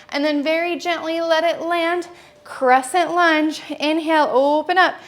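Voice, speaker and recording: A young woman teaching a yoga class, giving calm, steady cues as she moves through the poses with her class, a little out of breath. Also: high voice. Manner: calm, steady instructional cueing with brief asides. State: slightly out of breath. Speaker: yoga instructor. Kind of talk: cueing a yoga flow while practicing.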